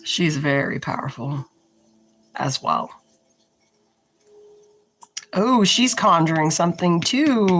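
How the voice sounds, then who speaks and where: Slow-talking lady doing a tarot read at her desk, frank, a bit low, light hiss on the mic. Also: animated, fairly bright tone, poor audio. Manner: slow, halting, thinks aloud while shuffling and pulling cards; frank and a little irritated, with short laughs. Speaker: tarot reader. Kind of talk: casual tarot reading to camera.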